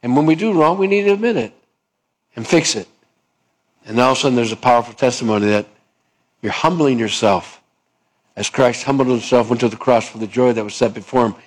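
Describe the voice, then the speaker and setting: A man's voice: medium pitch, brisk, pauses often. A man preaching a sermon as pastor, asking the congregation questions and acting out little dialogues in changing voices. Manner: acts out dialogues with shifting voices; calls for amen, asks the congregation questions.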